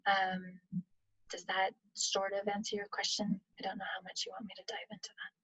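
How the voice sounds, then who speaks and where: A woman leads a live webinar over a video call, answering audience questions in a relaxed, conversational way. Her voice is a touch husky and sits at a middling pitch. The sound is dry, with no room echo. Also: normal speed. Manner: conversational, explaining with acted-out examples. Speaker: webinar presenter on leadership. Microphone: computer mic on video call.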